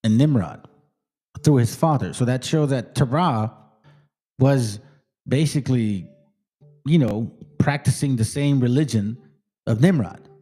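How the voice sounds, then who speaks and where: A man's voice: medium pitch, measured pace, pauses often, mellow, breathy edge. A man hosting a Bible study commentary, emphatic and streetwise, who keeps checking in with the listener. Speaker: host.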